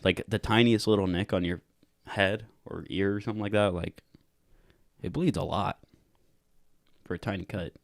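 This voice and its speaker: A man's voice: lowish voice, steady tone, normal speed, gravelly, pauses often, dry recording, clean studio sound. A young man co-hosting a podcast in casual chat, rambling and filling his sentences with "like". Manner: rambling, heavy use of "like" fillers. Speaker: podcast co-host.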